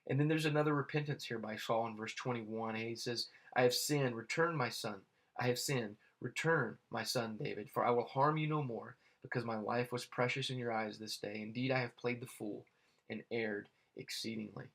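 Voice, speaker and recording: A man reading Bible verses aloud and explaining them in a halting way, with many fillers and restarts. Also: medium pitch, creaky, a bit bright. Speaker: Bible teacher.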